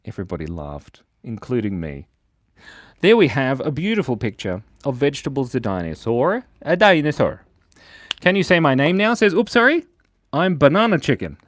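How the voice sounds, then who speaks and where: A man hosting a children's drawing livestream, chatting casually and reading out viewer comments in a playful way that swings between loud bursts and mumbled asides. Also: medium pitch, very animated, moderate pace, no echo. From Australia. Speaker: livestream drawing host for kids. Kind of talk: casual live-stream chat reading comments. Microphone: mic set in a beard.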